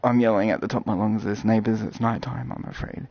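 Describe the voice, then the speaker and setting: A man from Australia, rambling through jokey live commentary while playing a VR game, breaking into loud yelps. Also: on the low side, a little fast, very noisy. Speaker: VR game streamer. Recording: dull lo-fi audio with loud game music.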